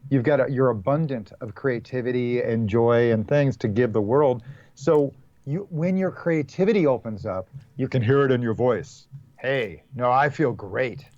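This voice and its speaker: Relaxed man on a dull, dry line. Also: mid-range voice, moderate pace, no echo. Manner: relaxed, rambling, encouraging. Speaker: guest, spiritual teacher. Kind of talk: casual spiritual talk.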